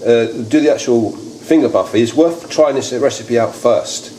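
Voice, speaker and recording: At a normal speed, a British man with a dark, mid-range voice runs a laid-back home cooking demonstration, talkative and rambling with many false starts. Faint noise and kitchen echo come through in the audio.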